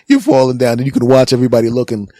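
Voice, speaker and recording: A man in his forties hosting a comedic monologue, rambling and animated, often checking in with "right?". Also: medium pitch, very fast, no room sound, studio quality. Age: 40s. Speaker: podcast host.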